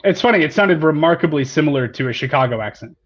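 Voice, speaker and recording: A man co-hosting a football podcast keeps things light with easygoing, joking chat and plenty of fillers. His voice sits fairly high for a man. The audio is dull and lo-fi, as if from a remote call. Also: lively intonation, fast. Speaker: podcast co-host.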